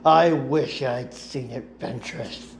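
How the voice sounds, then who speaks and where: A man reads as an old Sith lord with a slow, gravelly delivery, cold and mocking, each word measured and commanding. His voice rests at an everyday middle pitch, with a faint hiss under the home recording. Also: steady tone. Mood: taunting. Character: cold, taunting elderly male Sith master.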